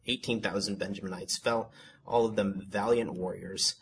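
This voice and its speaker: Reading Bible passages plainly and stopping to comment, this Bible teacher speaks at a moderate pace with fairly low pitch and fairly even intonation. He stammers with fillers and corrects himself along the way, and a slight hiss or hum sits under the audio.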